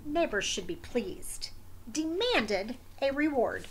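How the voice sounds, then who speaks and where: A woman's voice: high-pitched, slow, a little hiss or hum, full character voice. Woman reading as a stubborn, sleepy wombat. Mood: deadpan. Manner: terse diary entries, deadpan. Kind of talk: picture book read aloud.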